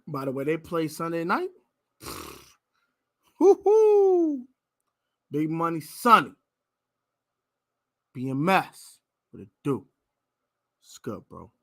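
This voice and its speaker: An American man hosting a fan live stream, ranting loudly about his team's players and shouting at times. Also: fairly high pitch, slow pace, long pauses. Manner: loud, animated ranting, shouting and laughing. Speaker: sports fan show host. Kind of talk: heated live-stream rant.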